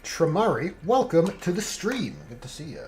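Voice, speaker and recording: Man, relaxed hobby stream host, dry joking, animated pitch, casual chat. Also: moderate pace, faint music behind. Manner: laid-back, dry joking, reads chat aloud. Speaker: streamer painting miniatures.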